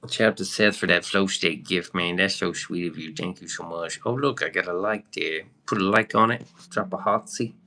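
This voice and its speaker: A man's voice: deep voice, steady tone, moderate pace, vocal fry, few pauses, sharp tone. A young man chatting loosely on a livestream, swearing now and then and answering viewer comments. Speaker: livestream host. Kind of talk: casual livestream chat.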